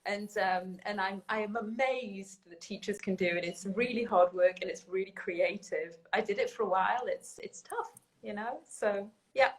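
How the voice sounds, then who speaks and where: A woman's voice: mid-range voice, moderate pace, hardly any pauses, poor audio. A woman from Newcastle, England, talking in a casual interview over a video call, chatty and laughing often, with many fillers. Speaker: writer interviewed as guest.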